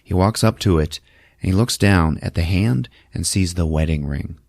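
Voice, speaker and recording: A man hosting a podcast, recapping a film in a casual, profane, animated storytelling manner. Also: low voice, normal speed, gravelly, no room sound, studio quality. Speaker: podcast host.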